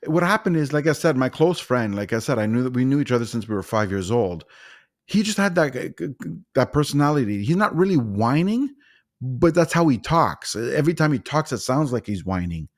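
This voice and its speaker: A middle-aged man hosts a podcast and rambles through an anecdote, stumbling over restarts and laughing as he goes. His voice sits at an ordinary pitch. The sound is close and dry, with no room behind it. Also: fairly quick, no room sound. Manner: rambling, animated storyteller with frequent restarts and laughs. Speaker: podcast host. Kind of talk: casual storytelling interview.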